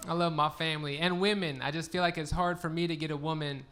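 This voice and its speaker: Talking fast in a slightly high, steady, somewhat bright voice, a man does stand-up comedy live on stage. The set is crude and punchy, delivered in a relaxed manner, with the audience laughing in the background.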